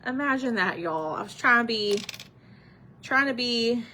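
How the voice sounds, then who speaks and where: A woman's voice: fairly high pitch, animated, a little slow, pushed and bright, a little hiss or hum. A woman hosting a live craft stream, chatting casually with viewers and answering their comments while she paints.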